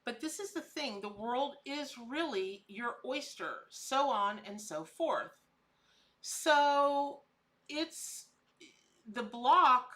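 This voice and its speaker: Middle-aged woman, live tarot host, chatty, high-ish bright voice. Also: lively intonation, takes it slowly. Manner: chatty, greets and answers viewers in chat by name; laughs often, with frequent restarts. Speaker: tarot reader hosting a live stream. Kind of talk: casual live-stream tarot reading.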